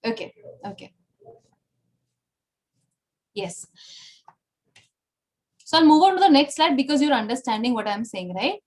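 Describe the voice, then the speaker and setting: A high-pitched woman with an Indian English accent leads an online Spanish lesson over a computer mic. She drills numbers patiently, repeats each one and heaps encouragement on her students. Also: big pitch swings, a little slow, long pauses, a little mellow. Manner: encouraging, repeats and praises often. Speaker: Spanish language teacher. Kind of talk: online language class.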